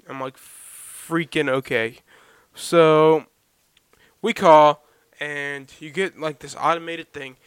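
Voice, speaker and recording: A young man with a fairly high, smooth voice hosts his podcast from home in a loose, rambling storytelling style. He keeps drifting off the story to talk to his dog. The sound is close and dry, with no room around it. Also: a bit bright, dry recording. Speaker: podcast host. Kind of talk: casual solo storytelling.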